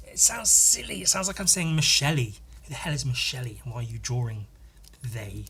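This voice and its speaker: A man's voice: mid-range voice, lively intonation, quick pace, creaky, sharp tone, breathy edge. Sweary man rambling solo. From Scotland. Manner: profane, self-mocking, rambling. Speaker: podcast host. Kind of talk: casual comedic monologue.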